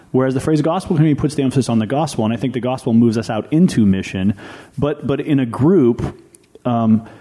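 A man's voice: mid-range voice, warm tone. A man who is a pastor and podcast co-host, explaining ideas earnestly in a casual discussion and thinking aloud with frequent restarts.

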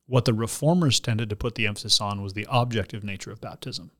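A man's voice: fairly low pitch, fast. A man, a pastor and podcast host, reading a listener letter and then explaining at length, with frequent restarts.

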